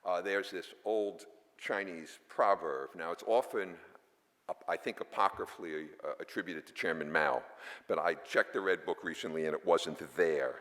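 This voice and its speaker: A man delivers a formal welcome speech in a very low voice, dropping in dry, wry asides. He often stumbles and restarts his words. His voice carries the long reverb of a large auditorium. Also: moderate pace, fairly bright tone. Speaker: foundation board chair giving greetings.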